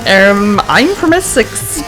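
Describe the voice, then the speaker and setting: A woman's voice: mid-range voice, sing-song, slow, over loud music, rough recording. A woman voicing a muddled male musician who keeps insisting he is from Essex, talking in hesitant, stammering, giggly bursts. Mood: flustered.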